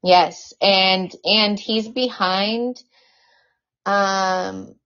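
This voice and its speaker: A woman guest on a podcast, talking casually in an animated, outspoken way with plenty of profanity, in a dull lo-fi recording. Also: medium pitch, very slow, clean tone. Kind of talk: casual conversation.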